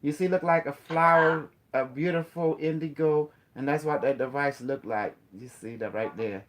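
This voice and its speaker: A man's voice: a little high, moderate pace. A man giving a casual spiritual talk. He rambles, repeats himself and keeps asking his listener questions. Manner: rambling, repetitive, breaks into playful chanting.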